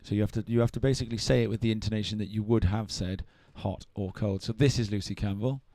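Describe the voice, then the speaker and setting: A man calls a surf contest live, his low voice eager and conversational as he banters with his co-commentator. The sound is close and dry, with no room around it. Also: fairly even intonation, quick pace, mellow, no echo. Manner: chatty, enthusiastic banter with co-host.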